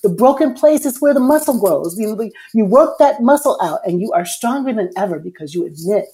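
A woman guest and author telling a personal story frankly and emotionally, cursing at times and swinging between hushed and loud. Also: on the high side, lively intonation, fairly quick.

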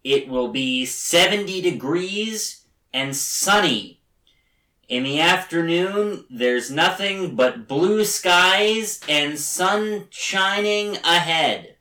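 A man doing an impression of a male film director, slowly reading a weather report in a deadpan, drawn-out voice. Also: full character voice. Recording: roomy, distant low-quality recording.

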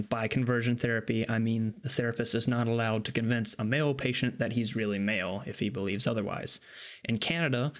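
A man in casual podcast talk, laying out prepared points in a measured way. His pitch sits in the middle range.

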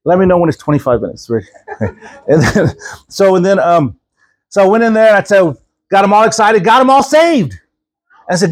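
The congregation laughs often with this high-voiced preacher, who talks a little fast. His storytelling sermon is animated, with him acting out the voices of the story.

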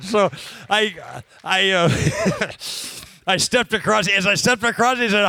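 A man preaches to a congregation in a chatty, storytelling manner, often laughing and throwing questions to his listeners. His voice is bright and a little high. The sound is dry and close. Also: unhurried, no echo. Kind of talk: sermon with personal story.

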